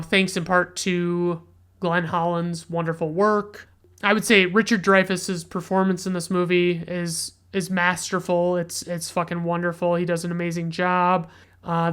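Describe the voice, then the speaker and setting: A man's voice: sits high, fairly bright tone, clear, resonant tone. A man hosting a casual solo podcast, reviewing a film in a rambling, chatty way and swearing freely.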